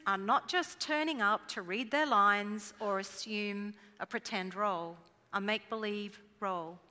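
A woman preaching a sermon in an earnest, measured way, dropping her voice at solemn lines. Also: medium pitch, pushed and bright, big-room sound.

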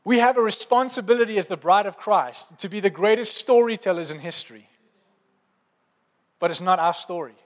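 Young male preacher, high-pitched, fervent storyteller, long reverb of a large hall. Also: a little fast. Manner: animated storytelling, conversational and fervent. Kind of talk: sermon.

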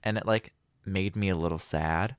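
A man's voice: low voice, moderate pace, no echo. A young man hosting a casual solo podcast, rambling and self-deprecating with lots of fillers. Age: young adult. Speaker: podcast host.

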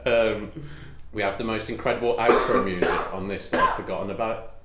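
A man's voice: lowish voice, steady tone, a little fast, noisy background. A young man co-hosting a podcast in casual chat, rambling, giggling and swearing freely. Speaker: podcast co-host. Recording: echoey room.

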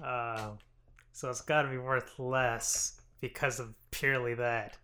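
A young man co-hosting a podcast in casual chat, animated and incredulous, laughing often. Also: medium pitch, a little slow, slight background noise. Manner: animated and incredulous, with lots of giggling reactions. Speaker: podcast co-host.

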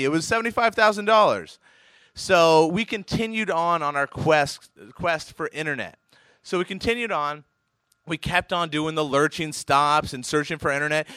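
A man from Oregon telling a comic personal anecdote, animated and chuckling through lots of fillers and restarts. His voice is fairly high, forceful and crisp. The sound is close and dry. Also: normal speed, dry recording. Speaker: storyteller, professional poker player.

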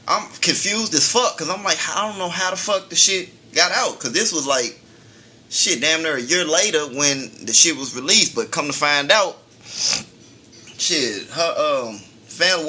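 A man's voice: a little high, bright, forceful tone. A man co-hosting a casual talk show, telling a long story in a laid-back, profane way and laughing often. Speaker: podcast co-host.

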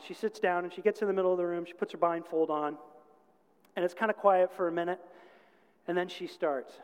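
A man's voice: a little high, a little fast, long pauses, darkish tone, clean tone. A man preaching a sermon, telling a story earnestly and rising to emphatic peaks. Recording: long reverb of a large hall.

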